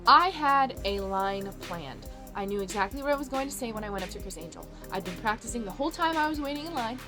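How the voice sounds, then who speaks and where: Bubbly high-voiced young woman vlogger. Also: lively intonation, fast, music in the background. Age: 20s. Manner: gushing, bubbly, emphatic repetitions. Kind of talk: excited storytelling to camera.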